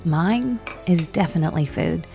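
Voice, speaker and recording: A woman narrating her cooking vlog in a gentle, unhurried, conversational voice-over. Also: fairly low pitch, lively intonation, vocal fry, faint music behind. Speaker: cooking vlogger.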